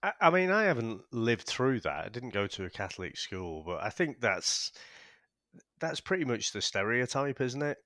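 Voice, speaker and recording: A man's voice: mid-range voice, very animated, normal speed, sharp tone, dry recording, clean studio sound. A man co-hosting a podcast, giving blunt, opinionated views in casual chat and swearing for emphasis. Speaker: podcast co-host.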